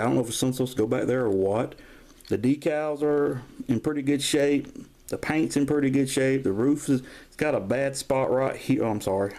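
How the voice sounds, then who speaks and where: A man's voice: mid-range voice, mellow. A man, rambling in a folksy way through a casual show-and-tell of his toy collection, recorded on a camera mic at home. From Georgia, US. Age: 50s. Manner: rambling, folksy, drifts into stories. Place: at home, filming toys on camera.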